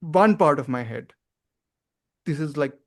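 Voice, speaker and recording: A man's voice: a little high, lively intonation, a little slow. A man, hosting a casual film podcast, talking earnestly and working out his thoughts aloud with many fillers and restarts. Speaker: podcast host.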